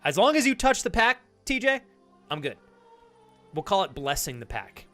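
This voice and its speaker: A man streaming live, chatting casually with his viewers and reacting to their messages, animated and hyped, with casual swearing. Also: high-pitched, moderate pace, faint music behind. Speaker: streamer reading chat.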